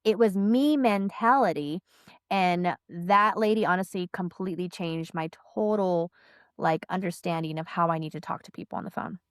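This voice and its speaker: Woman sales trainer on a podcast, lively storyteller, really dry close sound. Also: fairly low pitch, normal speed, smooth, dry recording. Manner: animated, repeats phrases, acts out quotes.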